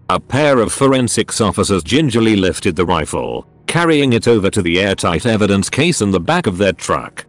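A man narrates a story in a steady reading voice. His voice sits low and moves with a lively rise and fall. Faint music plays underneath. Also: normal speed, few pauses, no room sound.

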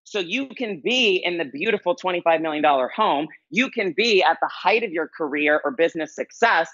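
Male podcast guest, life coach; earnest, emphatic storyteller with a bright, forceful voice. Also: a little high, animated, brisk, dry recording, lo-fi sound. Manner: earnest, emphatic, repeats key phrases. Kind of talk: conversational interview storytelling.

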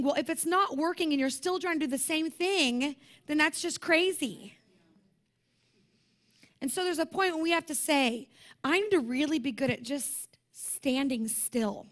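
A woman's voice: high voice, normal speed, a bit bright. A young woman preaching at a conference, talking to the room in a passionate, conversational way and repeating her points. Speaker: conference speaker. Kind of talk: sermon.

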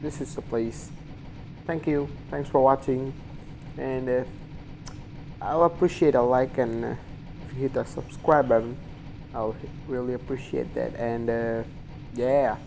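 Gravelly, slow-talking man playing a game. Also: medium pitch, fairly even intonation, a little mellow, a little hiss or hum. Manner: muttering, swearing, panicky outbursts. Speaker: gaming channel host. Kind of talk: casual let's-play commentary.

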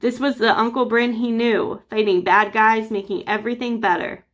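Brief: a woman teacher reading a children's chapter book aloud, expressive and lively, a bit high. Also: normal speed.

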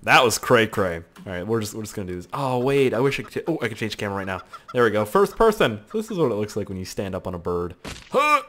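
A man giving excitable, rambling let's play commentary, yelping and swearing at the action on screen. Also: on the low side, fast talker, a little hiss or hum. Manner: excitable, yelps and laughs at crashes, heavy swearing; rambling running commentary to himself. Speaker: gaming YouTuber.

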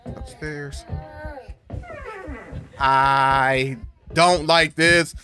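A man's voice: a little high, steady tone, drawn-out words, bright, forceful tone. A young man gives jumpy, slangy commentary while playing a horror game. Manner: jumpy, swears, slangy reactions. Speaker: gaming YouTuber. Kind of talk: horror let's play commentary. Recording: game music behind voice.

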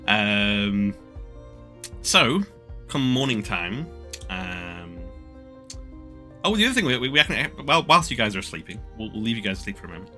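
Male game master, very bright tone, animated delivery, rambling restarts. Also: on the low side, moderate pace, long pauses, faint music behind. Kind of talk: running a tabletop game.

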